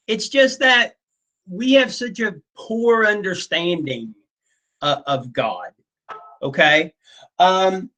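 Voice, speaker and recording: Male teacher, brighter tone, slow deliberate delivery, chatty filler-heavy lecture style. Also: high voice, low-quality recording. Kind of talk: casual classroom lecture.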